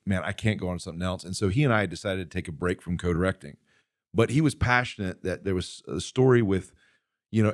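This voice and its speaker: A middle-aged man hosting a podcast, telling a story in casual chat, animated and quick to laugh as he acts out what people said. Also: low voice, dry recording, clean studio sound. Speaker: podcast host and filmmaker.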